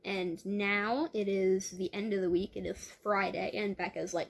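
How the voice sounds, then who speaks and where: A woman's voice: medium pitch, steady tone, moderate pace, creaky, few pauses, a little hiss or hum. A young woman reading a novel aloud and commenting on it, chatty and wry, often stumbling and correcting herself. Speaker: book reader and reviewer. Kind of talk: casual read-aloud with asides.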